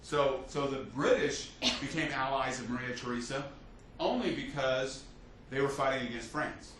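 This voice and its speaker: A man teaching a history class as a lecturer, telling the story with lively restarts and fillers. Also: medium pitch, moderate pace. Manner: animated storytelling with many restarts. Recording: echoey classroom from a distance, faint hiss.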